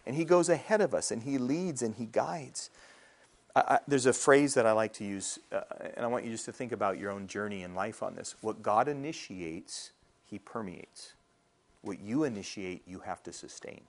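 At a moderate pace and with a lowish voice, a middle-aged man preaches his sermon as though in conversation. Frequent "all right?" check-ins keep the congregation engaged.

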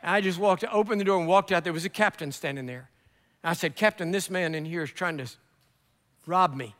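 A man delivers a sermon as a lively story and plays every character in the exchange. His voice sits high and rings bright, and a long reverb from the hall carries around him. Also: a little fast. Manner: animated storyteller acting out dialogue. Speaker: preacher.

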